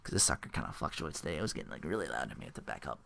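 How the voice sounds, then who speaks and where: A man's voice: a bass voice, very animated, racing, gravelly, sharp tone, dry recording. A man hosting a casual wrestling recap podcast into a home microphone, rambling and profane, laughing often. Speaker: podcast host.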